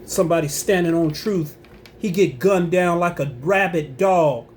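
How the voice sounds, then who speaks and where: A man's voice: on the high side, a little slow, a little mellow, a little hiss or hum. A man giving impassioned religious commentary on his own channel, emphatic and preachy, repeating himself and breaking into angry rising outbursts.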